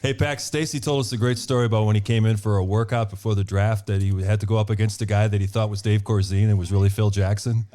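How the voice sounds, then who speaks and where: Male co-host, quick-talking and low-pitched, casual and brisk. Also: steady tone, warm tone. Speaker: podcast co-host. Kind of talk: casual chat.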